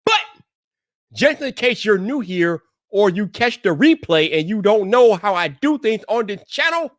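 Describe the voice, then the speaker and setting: A young adult man hosting his own live stream, shouting hype-man cheers between stretches of casual talk to his chat. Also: high-pitched, very animated, unhurried, no room sound, clean studio sound.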